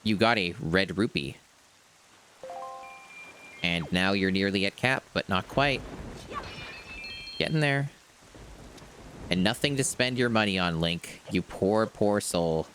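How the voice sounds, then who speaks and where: A man's voice: low-pitched, animated, slow, long pauses, a bit bright, slight background noise. A man streaming a video game, musing aloud in a rambling, casual let's-play commentary.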